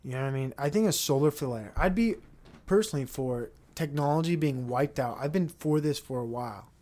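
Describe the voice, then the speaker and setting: A man's voice: on the high side, fairly quick, a little mellow. A man hosting a solo podcast, rambling and joking with frequent profanity as he talks to himself. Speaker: podcast host.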